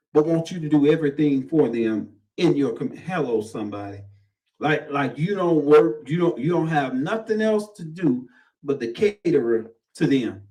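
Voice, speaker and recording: A man's voice: a little high, dark tone, recorded from a distance, low-quality recording. A man preaching a sermon. He repeats himself, calls on the crowd and acts out the voices he quotes. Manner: repetitive, call-and-response, acts out quoted voices.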